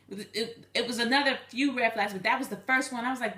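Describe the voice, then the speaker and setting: An animated woman tells a personal story straight to her viewers and acts out both sides of the exchange. Her voice sits a little high and comes across sharp and bright. The sound is roomy and echoey, with clear reverb around her. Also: fast, few pauses. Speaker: vlogger.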